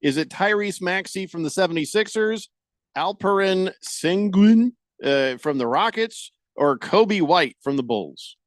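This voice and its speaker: A man with a fairly high, very animated voice hosts a sports radio show and keeps the questions coming with a teasing edge. He sits close to a dry studio mic. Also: measured pace, no room sound. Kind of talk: casual sports talk.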